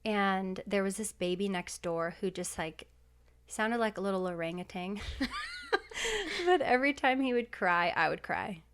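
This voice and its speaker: A woman's voice: mid-range voice, normal speed, a bit bright, smooth. A woman in her thirties, a podcast guest, telling a personal story in a heartfelt, emotional way with many fillers.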